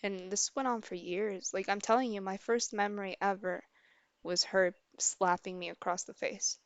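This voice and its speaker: Young woman streamer with a candid, halting delivery and a dry close-miked sound. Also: medium pitch, fairly even intonation, clear, resonant tone, no echo. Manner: candid and halting, with many restarts. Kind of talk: casual personal storytelling.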